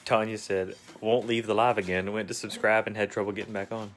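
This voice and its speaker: A man's voice: on the low side, flat delivery, brisk. Casting note: man, easygoing co-host reading chat comments on a craft live stream, faint noise behind. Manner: reads comments aloud, joking. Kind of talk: casual livestream chat.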